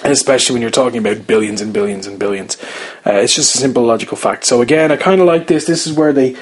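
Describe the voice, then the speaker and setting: A man's voice: medium pitch, expressive, fast, creaky, slightly rough. A man casually reviewing a TV episode, rambling with many fillers and restarts as he gives his opinions.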